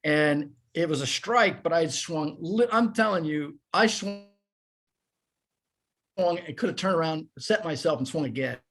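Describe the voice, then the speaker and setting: A man in his fifties, a former baseball player, telling animated, self-deprecating stories as a podcast guest. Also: a little high, moderate pace. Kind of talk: casual storytelling.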